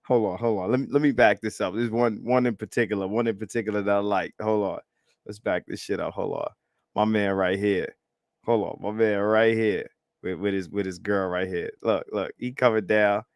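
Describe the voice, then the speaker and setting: A man hosting a live stream, reacting to clips in a profane, animated, repetitive way and laughing often. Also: lowish voice, normal speed, no echo, clean studio sound. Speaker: livestream host.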